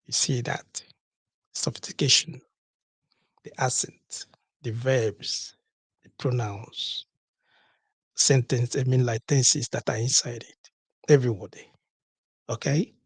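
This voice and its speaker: A man's voice: medium pitch, fairly even intonation, slow pace, pauses often, slightly rough, no echo. A man hosting a call-in talk show, talking emphatically, repeating key words and asking rhetorical questions. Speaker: podcast host.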